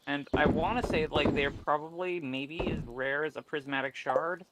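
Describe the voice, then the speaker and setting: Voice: medium pitch, steady tone, moderate pace. Pun-loving guest streamer, noisy audio. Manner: playful, fond of bad puns. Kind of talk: casual gameplay chat.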